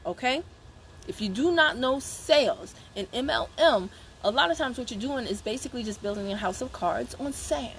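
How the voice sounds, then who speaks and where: A woman from Savannah, Georgia, USA, coaches her network marketing sales team in a live-streamed motivational talk. She's emphatic, repetitive, and chatty, making asides to viewers, in a fairly high voice with slight background noise.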